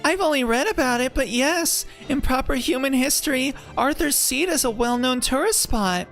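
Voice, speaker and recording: A streamer doing a high, gentle young woman companion, reading game lines politely and earnestly. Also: normal speed, faint music behind. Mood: informative. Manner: gentle, informative. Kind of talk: reading game dialogue aloud.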